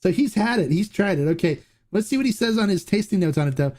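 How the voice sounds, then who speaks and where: A man hosting a casual tequila review livestream, excitable and chatty, laughing often and restarting his sentences. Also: high-pitched, quick pace.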